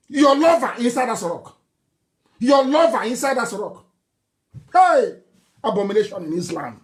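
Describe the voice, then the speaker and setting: Nigerian man, fiery live broadcast speech, mocking laughs, bursts of shouting. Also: extremely high pitch, big pitch swings, moderate pace, pauses often. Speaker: political broadcaster.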